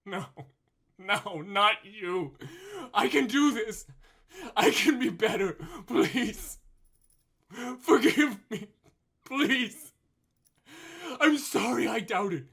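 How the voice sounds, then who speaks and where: A man's voice: high-pitched, expressive, extremely slow, creaky, pauses often, exaggerated voice. A man voicing a broken, desperate fallen archangel who begs and cries for mercy in a tabletop game. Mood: desperate pleading. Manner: begging, sobbing, shouting pleas. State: crying.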